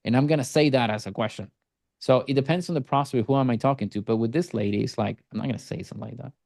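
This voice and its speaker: A man's voice: mid-range voice, fast, gravelly, darkish tone. A man leading a group coaching call as a sales coach, talking bluntly with teasing and swearing.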